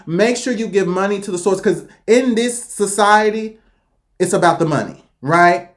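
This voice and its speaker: An American woman hosts a reaction video and speaks her mind bluntly. Her delivery is emphatic, and her voice swings between low asides and sudden high peaks, all in a mid-range pitch. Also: moderate pace. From United States. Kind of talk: opinionated reaction commentary.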